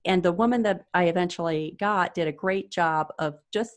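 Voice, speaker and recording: A woman with a somewhat low voice, interviewed as an author. She talks in a measured, explanatory way and relaxes into anecdotes as she goes. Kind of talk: casual interview chat.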